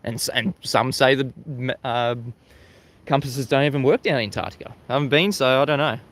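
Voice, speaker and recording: An Australian man hosts a casual livestream outdoors, facing the sea at sunrise. His voice is medium in pitch, brisk and fairly bright. He chats with viewers, reads the chat, laughs often and repeats words as he restarts sentences.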